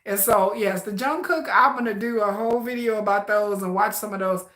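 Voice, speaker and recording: A woman chatting casually with her live audience about K-pop videos, animated and talkative. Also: mid-range voice, fairly quick. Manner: chatty, animated, addresses viewers as y'all. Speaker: K-pop reaction vlogger. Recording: echoey room.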